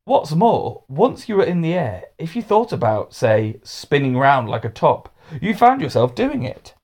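A man reading a children's storybook aloud with expressive delivery. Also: a little high, a little slow.

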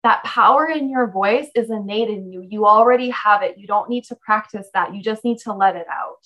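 A woman's voice: medium pitch, a little fast, dull audio. Emphatic encouraging woman coach. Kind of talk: coaching conversation.

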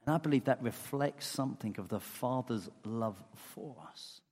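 Husky-voiced man preaching in a reverberant hall. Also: medium pitch, moderate pace. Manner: earnest, shifts between loud emphasis and soft tender asides. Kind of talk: sermon.

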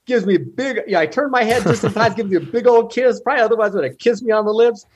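A man from the United States telling animated stories in an interview, acting out the people he met with quoted lines and laughter. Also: high-pitched, quick pace, hardly any pauses, slightly rough, highs cut off. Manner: animated, retells encounters with quoted dialogue and laughs. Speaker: guest, ultrarunner. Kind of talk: storytelling in an interview.

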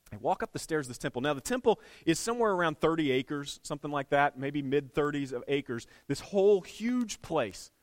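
Male pastor, casual storyteller in the pulpit, animated, slightly high voice, dry sound. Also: no echo. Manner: conversational, animated retelling with chuckles and restarts. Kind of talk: storytelling sermon.

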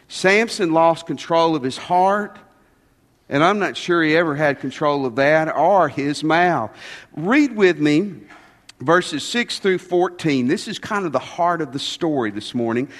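A man's voice: on the high side, big-room sound. A man preaching a sermon as pastor, with folksy, joking asides.

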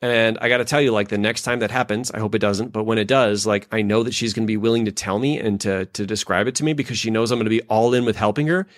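A man's voice: lowish voice, fast talker, hardly any pauses, dry recording, clean studio sound. A man co-hosting a podcast, telling a family story in a loose, casual way full of fillers and acting out the lines people say. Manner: animated storyteller who acts out quoted lines; loose, filler-heavy phrasing. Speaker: podcast co-host and leadership expert.

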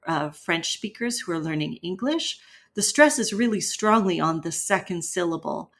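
A woman co-hosting an English-learning podcast, explaining pronunciation and vocabulary clearly and patiently. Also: on the low side. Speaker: English teacher co-host. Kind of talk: educational podcast chat.

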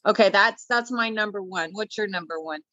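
A woman chatting casually, reacting quickly and asking questions. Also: medium pitch, sharp tone, no echo. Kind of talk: casual chat.

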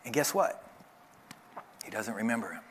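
A man preaching a sermon to his church, telling a story with lively acted-out voices. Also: lowish voice, normal speed, slight background noise. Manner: animated storytelling, acting out voices. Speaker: pastor.

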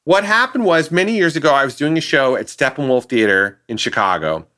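A man, a guest sound designer, telling an animated anecdote on a podcast and acting out the people he quotes. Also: mid-range voice, fairly quick. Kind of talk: casual podcast storytelling.

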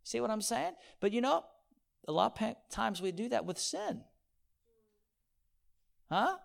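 A man preaching a sermon, asking his listeners for amens and swinging between hushed, near-whispered points and loud, pleading repetition. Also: high-pitched, big pitch swings, normal speed, gravelly. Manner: call-and-response, asking the audience for amens.

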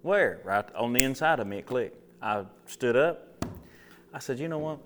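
Speaking a little slowly, with an expressive, fairly bright medium-pitched voice, a man delivers a relaxed sermon before a live crowd, with slight background noise. He tells stories, asks questions he doesn't expect answered, and performs the conversation going on in his head.

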